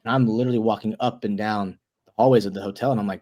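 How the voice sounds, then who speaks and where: A young man in his twenties, a guest on an interview show, telling a story in a loose, animated way, restarting words and leaning on "like". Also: lowish voice, fast. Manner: animated storyteller, acts out quoted voices.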